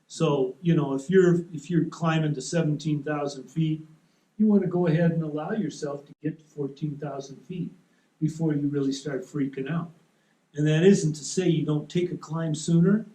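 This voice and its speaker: A man's voice: on the high side, moderate pace, mellow. Easygoing man presenting in an echoey room. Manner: easygoing, explains with rules of thumb. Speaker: seminar presenter. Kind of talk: relaxed technical talk. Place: meeting room at a soaring club.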